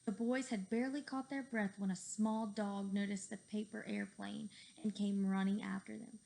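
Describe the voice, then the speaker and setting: A woman reading a children's book aloud with lively, expressive storytelling. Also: medium pitch, normal speed, creaky, hardly any pauses. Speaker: reader.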